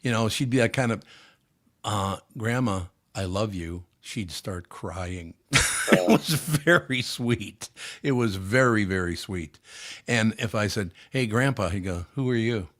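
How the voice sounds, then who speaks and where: A man's voice: lowish voice, measured pace. An older man hosting a podcast, telling blunt, profane anecdotes in casual chat. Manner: blunt, swears freely, tells anecdotes. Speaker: podcast host.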